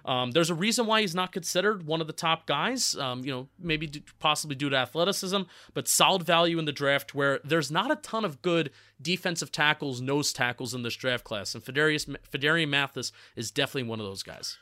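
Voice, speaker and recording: A man with a New Jersey accent talks loosely and chattily, his voice bright and forceful and pitched a little high. The sound is close and dry, with no room around it. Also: a little fast, few pauses, no echo. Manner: chatty, restarts words, laughs at own slips. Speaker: co-host of a football draft podcast. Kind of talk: casual sports analysis chat.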